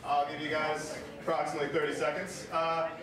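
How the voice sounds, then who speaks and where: A man's voice: a little high, little pitch movement, brisk, crowd noise. Male emcee, distant and echoey. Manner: casual, teasing banter with the audience. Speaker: comedy show host. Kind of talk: emcee introducing acts. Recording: very echoey hall from far off with audience.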